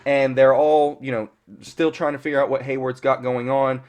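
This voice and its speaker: A man's voice: mid-range voice, flat delivery, moderate pace, noisy background. A man giving a casual, rambling episode recap as a fan reviewer, full of fillers and mild swearing.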